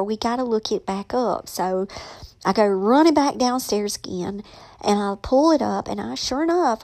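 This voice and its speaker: A woman's voice: a little high, a little mellow. A middle-aged woman author, talking casually and emotionally, sometimes tearful and dropping to a whisper. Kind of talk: casual personal vlog.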